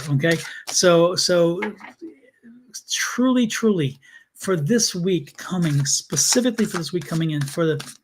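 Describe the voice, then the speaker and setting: A man's voice: a little high, expressive, a little slow, slight background noise. A man giving live tarot readings on a stream, speaking earnestly and repeating himself as he calls on viewers by name. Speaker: tarot reader.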